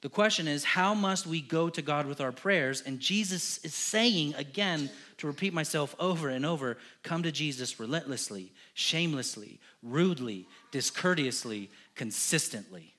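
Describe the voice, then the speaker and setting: A pastor preaching a sermon in a church, impassioned, with emphatic repeated lists, swinging from hushed to loud. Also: male voice, on the high side, animated, moderate pace, few pauses.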